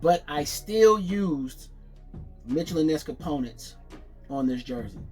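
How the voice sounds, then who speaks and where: A man presenting his jersey collection in a casual vlog, chatty and excited, correcting himself as he goes. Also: on the high side, slow, soft background music. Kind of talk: casual show-and-tell vlog.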